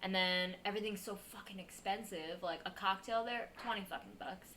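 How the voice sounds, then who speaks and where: A woman's voice: medium pitch, brisk, background noise. Blunt, profane young woman from Queens. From Queens, New York. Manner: blunt, profane, laughs often. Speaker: podcast guest, comedian. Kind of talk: casual chat.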